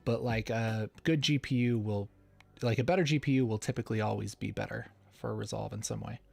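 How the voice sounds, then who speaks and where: A man's voice: lowish voice, fairly quick, gravelly, soft background music. A man hosting a casual livestream Q&A, playful and chuckling often as he reads the chat. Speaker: livestream host.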